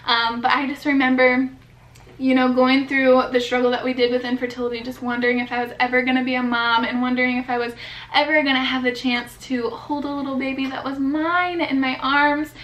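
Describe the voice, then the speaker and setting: A woman's voice: sits high, level tone, fairly quick, fairly bright tone. A young woman in her twenties, a new mother, talking earnestly to camera in a personal vlog, with many fillers. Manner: earnest, heartfelt, filler-heavy talk. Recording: echoey room.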